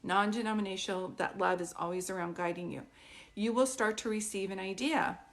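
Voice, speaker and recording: A woman speaks as a psychic medium in a live online group reading. She talks in a loose, conversational way, full of "like" and quick asides. She keeps pausing to ask whether what she says makes sense. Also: medium pitch. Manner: chatty, keeps checking "does this make sense".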